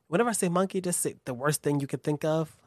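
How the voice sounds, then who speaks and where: A man's voice: fairly high pitch, fast, dry recording. Profane rambling young man, dry sound. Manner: rambling and profane, many restarts, acts out quotes. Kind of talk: casual chat.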